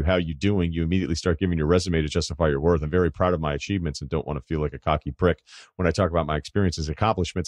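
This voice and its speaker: A very low-voiced man in his forties hosts a casual advice podcast, reading listener emails and dropping in wry asides. The recording is dry and close, with no room sound at all. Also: dry recording. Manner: wry and conversational, with asides and mock quotes. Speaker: podcast host.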